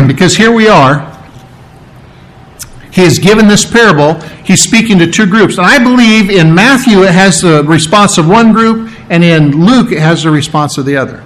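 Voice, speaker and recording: Man, high-pitched voice, sermon, conversational teaching, repeats and restarts, clears throat. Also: fairly bright tone, rough recording. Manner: teaching, conversational, frequent restarts and check-ins. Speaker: pastor.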